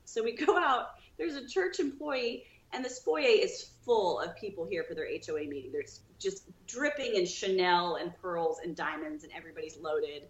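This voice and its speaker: A woman guest on a podcast, telling her own story with lively, acted-out dialogue. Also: on the low side, moderate pace, hardly any pauses, echoey room, dull audio. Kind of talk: storytelling in an interview.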